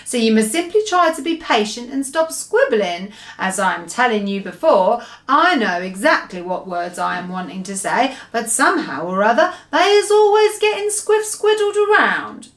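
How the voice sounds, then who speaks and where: A woman's voice: big pitch swings, roomy sound. A woman doing a big, kindly old giant. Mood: wistful. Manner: booming, mangled grammar, drawn-out slow words. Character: huge, kindly, very old male giant, muddled speech.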